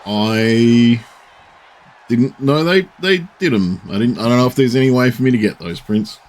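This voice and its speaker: A man, chatting casually and rambling while streaming, swearing now and then and filling pauses with um and uh. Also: mid-range voice, slight background noise. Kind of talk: casual live-stream chat.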